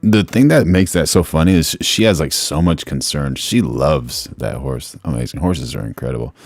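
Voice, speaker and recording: A very low, gravelly male voice drifts through casual live-stream commentary. He rambles in a relaxed, slangy way, and faint music sits underneath. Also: moderate pace, no room sound, studio quality. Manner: laid-back, rambling, slangy.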